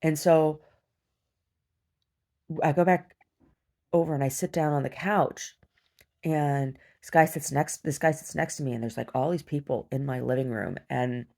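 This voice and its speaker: Woman, video diary, creaky gravelly voice, halting speech, repeats words. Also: low-pitched, warm tone. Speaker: survivor sharing a personal story. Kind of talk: personal video diary, recounting a dream.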